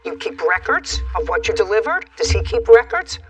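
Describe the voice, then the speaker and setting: A woman's voice: on the high side, big pitch swings, slightly rough. A woman presiding as a TV courtroom judge, questioning a litigant sharply and impatiently, often cutting him off. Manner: brisk, sharp, impatient, cuts people off. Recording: distant courtroom mic with music underneath.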